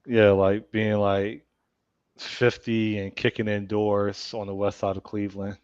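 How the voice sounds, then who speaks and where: A man's voice: lowish voice, little pitch movement, a little slow, darkish tone, clean tone, no echo. Joking middle-aged man, dull dry sound. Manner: joking, playful banter. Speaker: podcast host. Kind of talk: casual chat.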